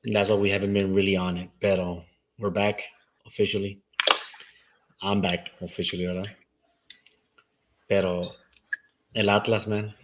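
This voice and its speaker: Laid-back host mixing Spanish and English. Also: male voice, low-pitched, little pitch movement, normal speed, pauses often, rough recording. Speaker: talk show host. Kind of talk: casual sports chat.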